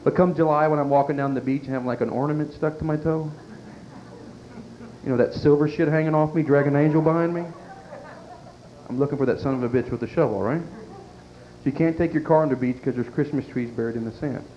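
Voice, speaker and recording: A man working a club stage with a slightly high voice, firing off crude, self-mocking punchlines at the crowd. The 1990s club tape sounds dull and lo-fi, with a faint hiss of noise under it. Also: fairly even intonation, fairly quick, long pauses. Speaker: stand-up comedian. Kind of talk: stand-up comedy routine. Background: audience laughter and faint room noise.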